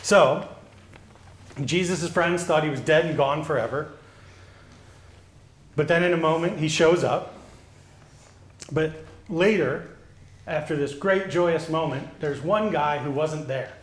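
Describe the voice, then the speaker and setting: A male pastor giving a children's sermon, gently asking the children questions and answering them. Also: on the high side, measured pace, long pauses. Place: church sanctuary. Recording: echoey church.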